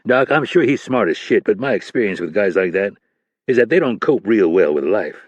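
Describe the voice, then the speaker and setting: A man voicing a gruff, sarcastic older CIA veteran, blunt and profane. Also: lowish voice, animated, fairly quick, dry recording, dull audio.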